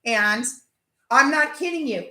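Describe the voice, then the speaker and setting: Animated high-voiced woman rambling. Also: measured pace. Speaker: livestream host. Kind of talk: casual livestream chat. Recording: echoey room.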